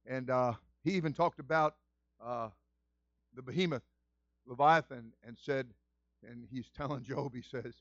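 A man, a senior pastor, giving a conversational sermon and telling stories with lively asides. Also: mid-range voice, unhurried, pauses often, no echo, dull audio. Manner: animated storytelling, acts out quoted voices.

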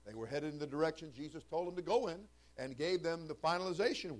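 A man preaching a sermon as pastor, shifting from quiet, folksy talk to loud, shouted preaching. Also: fairly high pitch, lively intonation, quick pace. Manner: conversational, folksy asides.

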